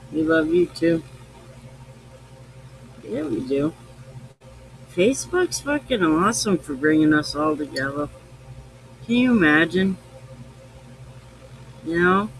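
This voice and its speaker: Tipsy man, high voice, unhurried, rambling and profane, late-night podcast host chat. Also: gravelly, fairly bright tone, a little hiss or hum, rough recording. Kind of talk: casual live-stream chat.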